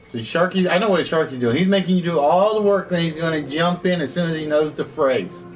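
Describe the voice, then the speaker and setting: A man's voice: a little high, brisk, faint music behind. A man hosting a live online game show, chatty, repeating and rephrasing his quiz questions, with an occasional cough.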